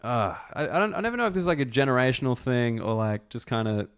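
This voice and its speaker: A man's voice: medium pitch, expressive, quick pace, smooth. Rambling Australian man hosting a chat. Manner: rambling, lots of "like" fillers. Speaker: podcast host, comedian. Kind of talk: casual chat.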